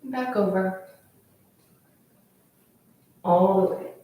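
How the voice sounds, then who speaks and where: A woman leading a yoga class, calmly cueing each pose in time with the breath. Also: medium pitch, extremely slow, lo-fi sound. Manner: calm, steady cueing of poses with the breath. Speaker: yoga instructor. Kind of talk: guided yoga class instruction. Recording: very echoey room, voice from far off.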